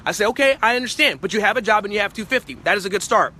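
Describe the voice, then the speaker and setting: A man giving a motivational sales-training talk, emphatic and forceful, sometimes acting out his clients' voices. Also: sits high, expressive, very fast.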